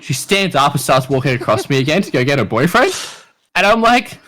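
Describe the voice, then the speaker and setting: Lively swearing Australian man telling stories. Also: mid-range voice, a little fast. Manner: lively, crude, swears often. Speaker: podcast guest. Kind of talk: casual storytelling.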